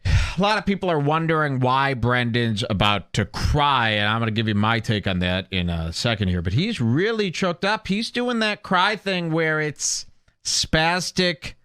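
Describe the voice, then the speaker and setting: A man's voice: medium pitch, unhurried, fairly bright tone, clean tone, no room sound, clean studio sound. A man hosting a comedy podcast, giving sarcastic, mocking commentary on a video clip. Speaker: podcast host.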